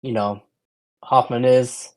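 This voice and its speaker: In casual movie-review chat on a horror podcast, this male co-host speaks slowly at medium pitch with a fairly flat delivery. His speech hesitates, packed with fillers and false starts.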